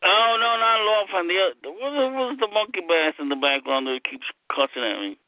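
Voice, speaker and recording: A man's voice: high-pitched, lively intonation, a little fast, dry recording, phone-quality sound. A man chatting on an online group call, rambling and joking with the others. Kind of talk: casual group chat.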